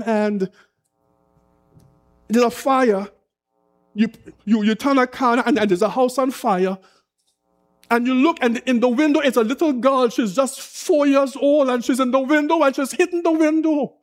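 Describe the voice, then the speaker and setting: A man's voice: very high voice, darkish tone. A man preaching an impassioned sermon, full of rhetorical questions and repetition. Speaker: pastor.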